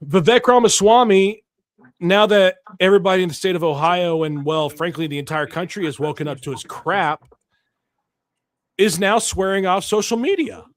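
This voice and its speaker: A man's voice: high voice, normal speed, no echo. A man hosting a political talk show, ranting in a blunt, heated way with many restarts. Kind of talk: casual opinionated commentary.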